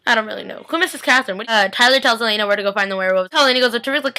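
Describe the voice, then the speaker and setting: A young woman chatting excitedly in a casual recap vlog, rambling with many fillers, filmed at home on a webcam. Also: a little high, very fast, few pauses. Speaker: vlogger recapping a TV episode. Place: home during a family party.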